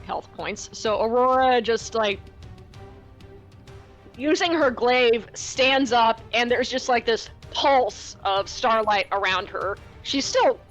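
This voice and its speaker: A woman's voice: mid-range voice, fairly bright tone. A woman player in a tabletop game, describing her turn in a rambling, unsure way with laughs. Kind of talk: casual tabletop play.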